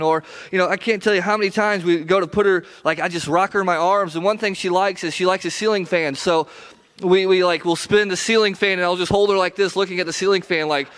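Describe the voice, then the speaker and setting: Earnest high-voiced pastor preaching. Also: male voice, fairly even intonation, fast talker, fairly bright tone, smooth. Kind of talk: sermon. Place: church sanctuary.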